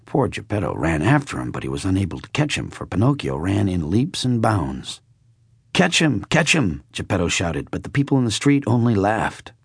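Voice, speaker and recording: A man narrating a classic children's story in a measured, expressive way. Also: sits low, gravelly, breathy edge, no room sound, studio quality. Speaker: audiobook narrator.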